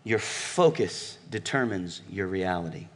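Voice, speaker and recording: A man preaching a sermon with emphatic delivery, shifting from loud calls to low murmurs and asking the congregation questions. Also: expressive, measured pace. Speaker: pastor.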